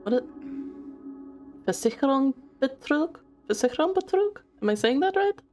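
A woman's voice: sits high, big pitch swings, moderate pace, darkish tone, soft background music. A woman streaming a horror game in a giggly, chatty way, swearing casually as she plays. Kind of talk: casual live-stream chat.

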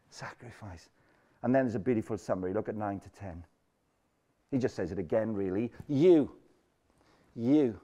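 A man preaching a lively sermon to a student conference in a lecture hall, energetic and jokey, repeating his points for emphasis. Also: mid-range voice.

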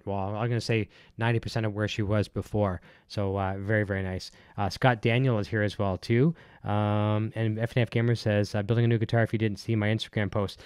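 Chatty male livestream host, smooth voice. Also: lowish voice, no room sound, studio quality. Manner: chatty, reads chat messages aloud, many fillers. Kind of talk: casual live-stream chat. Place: home studio.

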